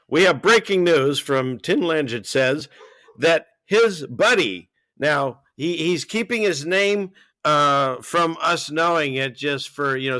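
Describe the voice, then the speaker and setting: A man hosting a livestream, chatting casually and excitably as he reads out viewer comments and drifts between topics. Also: on the high side, dry recording, clean studio sound. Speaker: livestream host.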